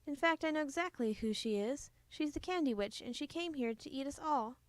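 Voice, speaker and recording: A prim, stern storybook schoolteacher, high and indignant, guarding her class, as a woman reader plays her. The sound is close and dry. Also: expressive, brisk, no echo. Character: stern protective kindergarten teacher, prim. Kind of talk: storybook read-aloud.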